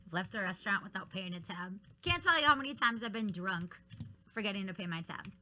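A young woman trades stories on a podcast in a frank, blunt way. Her voice sits at an everyday pitch with a bright, forward tone. She laughs often as she talks. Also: animated, brisk. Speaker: podcast co-host. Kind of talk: casual chat.

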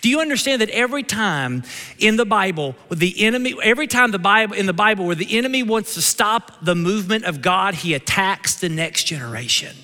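A pastor with a Kentucky twang preaching an energetic sermon. He jokes with the congregation and calls out for amens. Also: high voice, brisk. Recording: long reverb of a church hall.

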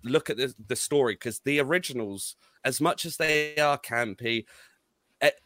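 A man's voice: medium pitch, normal speed, pushed and bright, no echo. Exasperated swearing man ranting. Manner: rambling, exasperated, swears often, many restarts. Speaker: podcast co-host. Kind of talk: casual film review chat.

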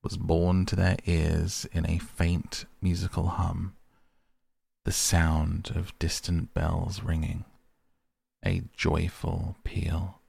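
A man reading a storybook aloud in a slow, measured narration. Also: deep voice, completely flat delivery, vocal fry, a little mellow, breathy edge.

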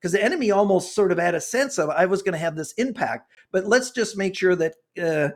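Brief: impassioned older man, sixties, high voice, preachy interview guest. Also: lively intonation, fairly quick. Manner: impassioned, preachy, gets worked up. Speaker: guest author and consultant. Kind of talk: earnest interview talk.

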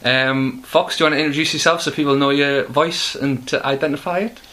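A British man hosts a casual film podcast in a bright, forceful voice. He talks slowly and hesitantly, leaning on fillers as he goes. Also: fairly high pitch, fairly even intonation. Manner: hesitant, filler-heavy, slow. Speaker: podcast host. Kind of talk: casual chat.

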